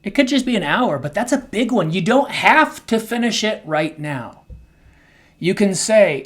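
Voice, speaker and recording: A man's voice: sits high, lively intonation, unhurried. Emotional, confessional man co-hosting. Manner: emotional and confessional, swings between soft and loud. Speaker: co-host. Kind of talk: candid podcast conversation.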